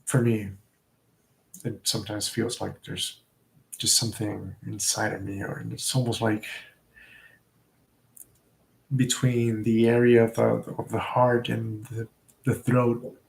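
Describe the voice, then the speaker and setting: Slow, gravelly man talking haltingly. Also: lowish voice, little pitch movement. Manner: halting and reflective, with frequent restarts. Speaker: vlogger. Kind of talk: casual live vlog.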